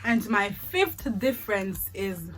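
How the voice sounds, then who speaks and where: Comparing countries in a casual vlog, this young woman speaks with a Jamaican accent in a mid-range, sing-song voice at a slow pace. She chats freely, laughs often, repeats words for emphasis and slips into patois.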